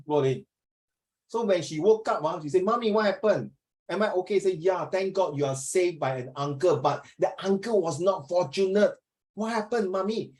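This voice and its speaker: A middle-aged man with a Singaporean English accent teaches an online class by video call, telling stories in a chatty, animated way and slipping into Mandarin. His voice is on the high side, and the recording quality is low.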